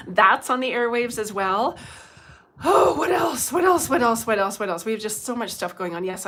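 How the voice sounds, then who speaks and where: A woman's voice: mid-range voice, a bit bright, slight background noise. A middle-aged woman, a psychic medium, chatting casually on a livestream, laughing often and swearing bluntly.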